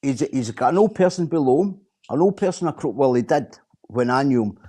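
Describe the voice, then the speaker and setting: A man's voice: medium pitch, expressive, a little fast, warm tone, slight background noise. A Scottish man in casual chat on a stream, blunt, sweary and repeating himself as he rants.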